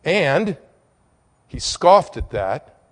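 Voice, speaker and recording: Dynamic preacher, loud peaks and hushed lows. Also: male voice, very animated, extremely slow, long reverb tail. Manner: dynamic, swings from loud emphatic peaks to quiet low storytelling. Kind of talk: sermon.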